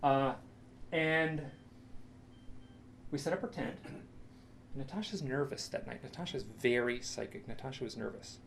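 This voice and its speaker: A middle-aged man speaks in a lecture room, recounting a personal experience in a storyteller's way. His voice is mid-pitched with a gravelly, fry-tinged texture, and he often stops, restarts and repeats phrases. A faint noise sits behind the recording. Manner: halting, repeats himself, dramatic quoted asides.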